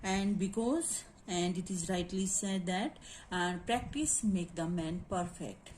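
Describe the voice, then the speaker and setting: A woman teaching a phonetics lesson, spelling out words letter by letter and often asking whether it is clear. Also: lowish voice, a little mellow, slight background noise. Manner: slow, spells out letters and syllables, repeats checks. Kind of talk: classroom lecture on phonetics.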